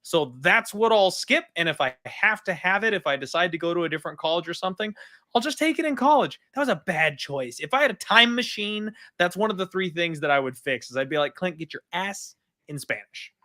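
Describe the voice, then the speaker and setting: A man's voice: high-pitched, big pitch swings, fast, bright, forceful tone. A young man from Arizona co-hosting a podcast, chatting in an upbeat, self-mocking way. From Arizona, USA. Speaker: podcast co-host. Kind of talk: casual chat.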